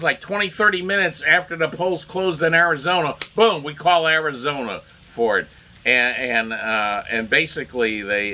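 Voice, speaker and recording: A man's voice: mid-range voice, sharp tone, slight background noise. A man giving indignant solo political commentary, rambling with many fillers and restarts.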